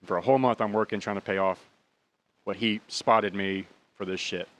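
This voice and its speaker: A man's voice: on the low side, fairly even intonation, moderate pace, a bit bright. A man in his thirties hosting a podcast, telling a personal story in a rambling, profane, heated way. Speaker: podcast host. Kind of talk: casual storytelling.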